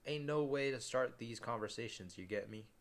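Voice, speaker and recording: A man reading as a gruff young leader. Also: medium pitch, normal speed, natural voice. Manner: rough slangy speech. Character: gruff blunt young male group leader.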